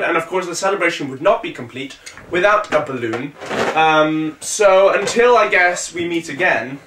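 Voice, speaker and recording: A man hosts his own comedy web show with an energetic, sarcastic bounce, jumping from bit to bit. His voice sits high and sounds bright and edgy. The room around him rings with echo. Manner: energetic, sarcastic, jumpy delivery. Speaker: vlog host. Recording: echoey room.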